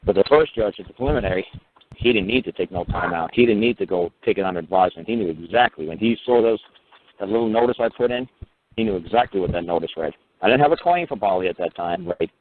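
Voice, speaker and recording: A man's voice: on the low side, lively intonation, quick pace, slight background noise. A man telling a story in casual talk, blunt and emphatic, swearing freely and stacking asides. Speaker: common-law teacher. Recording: phone-like narrow sound.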